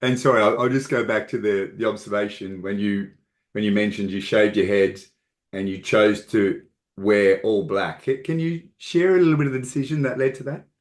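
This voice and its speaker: A man's voice: lowish voice, moderate pace. A man hosting a podcast, asking friendly questions and laughing along with his guest. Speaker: podcast host. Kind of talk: interview questions.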